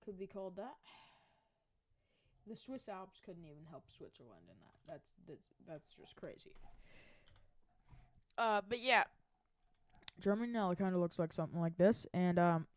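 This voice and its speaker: A woman's voice: lowish voice, normal speed, pauses often. A woman casually narrating a mapping video from her chair at home, rambling and correcting herself as she goes. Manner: rambling, self-correcting, chatty. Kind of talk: casual narration over a map.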